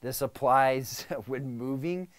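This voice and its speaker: Man, business coach, casual vlog talk, medium pitch, conversational check-ins. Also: slow. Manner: conversational, frequent "right?" and "okay?" check-ins.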